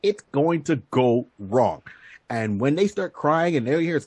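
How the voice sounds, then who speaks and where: Husky, lively man bantering for laughs. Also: medium pitch, slow pace, no room sound. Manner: animated, laughing often, acts out quoted voices. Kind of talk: casual comedic banter.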